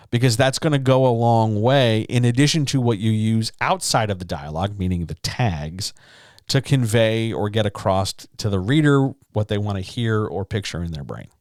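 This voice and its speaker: A chatty, upbeat man hosts a writing livestream, speaking in a slightly low voice. He talks straight to his chat in a casual Q&A. The sound is dry and close on a podcast mic. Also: no room sound. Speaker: writing coach and chat host. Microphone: studio podcast mic.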